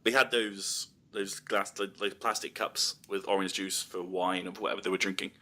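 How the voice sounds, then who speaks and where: A man's voice: sits low, fairly even intonation, moderate pace, bright, forceful tone. A young man hosting a podcast, telling rambling anecdotes in casual chat with lots of ums. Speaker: podcast host.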